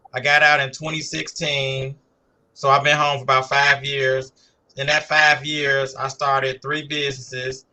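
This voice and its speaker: A man in his forties, a guest on a video call, introducing himself softly with frequent "um"s. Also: medium pitch. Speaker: guest, entrepreneur. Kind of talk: introducing himself on a talk show.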